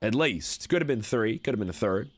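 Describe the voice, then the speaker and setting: A man's voice: fairly low pitch, lively intonation, brisk, slightly rough. A man playing a slick cowboy conman in a game roleplay stream, speaking in a put-on American Western drawl with folksy, wheedling salesman patter. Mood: scheming. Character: slick smooth-talking cowboy conman, adult male.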